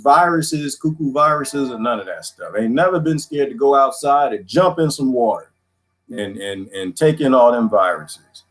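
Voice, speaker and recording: Drawling man rambling deadpan. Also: mid-range voice. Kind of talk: rambling comic monologue.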